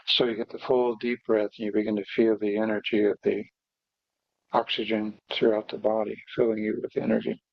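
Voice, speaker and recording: A man teaching meditation, guiding breathing exercises slowly and haltingly, with pauses and fillers. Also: fairly low pitch, level tone, gravelly, no room sound. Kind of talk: guided breathing instruction. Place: meditation hall. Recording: dull, dry lo-fi recording.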